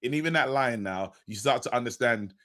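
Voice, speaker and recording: A man's voice: medium pitch, fairly quick, fairly bright tone. A man, chatting about football on a podcast panel in a laid-back, slangy way. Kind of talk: casual football podcast chat.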